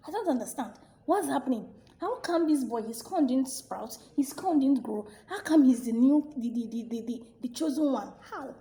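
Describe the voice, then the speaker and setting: Woman voicing bewildered village boys in a storybook tale, stammering, pitched up, mellow. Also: lively intonation, moderate pace. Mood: baffled. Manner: incredulous, stammering. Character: three baffled, jealous village boys.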